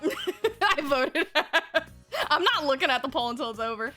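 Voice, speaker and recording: Bright, giggly young woman streamer. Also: high voice, big pitch swings, a little slow, faint music behind. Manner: giggly, playful, swears casually, reads game text aloud. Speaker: livestreamer. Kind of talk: casual gaming stream chat.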